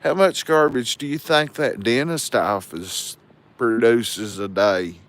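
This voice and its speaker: A man's voice: medium pitch, slow, a bit bright. A man, telling rambling, profane stories to his livestream viewers. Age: 40s. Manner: loose, crude, rambling storytelling.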